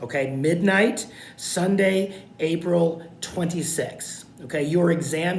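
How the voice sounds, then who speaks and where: A man recording a video lecture for his college class, talking informally and checking in with "okay?" again and again. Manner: repetitive, informal, frequent "okay?" check-ins. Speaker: college instructor. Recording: echoey room with faint rumble.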